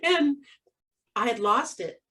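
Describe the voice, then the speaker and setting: Animated woman telling a story. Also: on the high side, slow pace, recorded from a distance. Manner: animated, laughs often, acts out quoted voices. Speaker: co-host. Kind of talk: casual storytelling chat.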